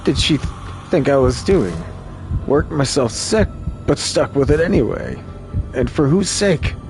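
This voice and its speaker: A man's voice: a little high, expressive, measured pace, music in the background, voice pushed up. A man voicing an exhausted, furious man who rants and swears about his wife's betrayal. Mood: bitter rage. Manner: ranting, swearing, unhinged.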